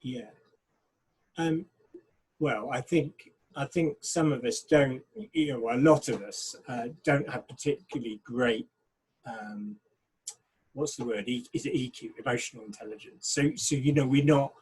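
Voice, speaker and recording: A man, a pastor, talking frankly and thoughtfully in a casual discussion, getting animated when he quotes people. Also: mid-range voice, unhurried, husky, poor audio.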